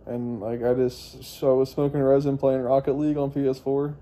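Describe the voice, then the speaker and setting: A young man with a very dark, mellow voice rambles through a personal story. He swears freely and keeps restarting his sentences as he talks. His pitch sits in a middling range for a man. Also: level tone, fairly quick. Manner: profane, meandering, frequent restarts and fillers. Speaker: vlogger.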